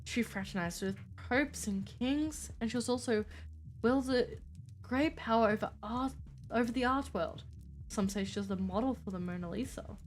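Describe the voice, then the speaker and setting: A woman voicing a calm, wise male mentor therapist who speaks in a measured, reassuring way. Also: fairly high pitch, faint music behind, close to an everyday voice.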